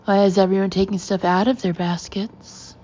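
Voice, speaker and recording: A woman's voice: medium pitch, little pitch movement, moderate pace, warm tone, muffled recording, lightly acted. Furious, stern woman store manageress, read by a woman.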